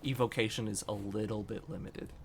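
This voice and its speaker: A young man narrating as game master of a tabletop game, relaxed and full of ums. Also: lowish voice, gravelly, a little hiss or hum. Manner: relaxed, many ums, slow when voicing shopkeepers.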